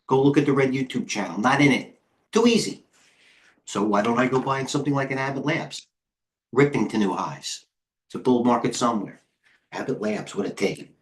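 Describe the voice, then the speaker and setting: Excitable middle-aged man commenting on charts. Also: mid-range voice. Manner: fast, excitable, talks to chat viewers while scanning charts. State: out of breath. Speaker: host and head trader. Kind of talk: live trading stream commentary.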